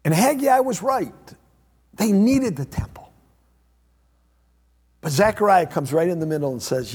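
A man preaching a sermon as pastor, repeating phrases and swinging between loud emphatic lines and hushed low ones. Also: expressive, a little slow, long pauses, breathy edge. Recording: long hall reverb.

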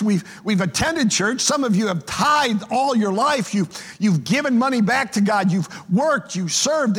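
A man's voice: extremely high pitch, a bit bright, breathy edge. A pastor preaching an emphatic sermon, often repeating words as he starts a phrase. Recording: long reverb of a large hall.

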